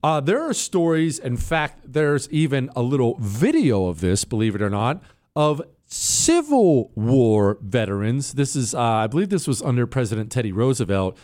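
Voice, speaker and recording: A man hosting a talk radio show, chatting casually and reading listener emails, his voice jumping up when he sounds incredulous. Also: moderate pace. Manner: animated, swings high when incredulous.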